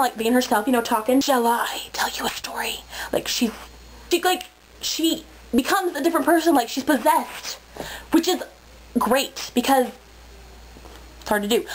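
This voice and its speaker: A woman's voice: mid-range voice, slight background noise, low-quality recording. A young woman giving casual, gushing feedback on contest entries, full of "like" fillers and sometimes dropping to a whisper. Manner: chatty and gushing, many "like" fillers, drops into whispers. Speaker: video contest host. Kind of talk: casual chat.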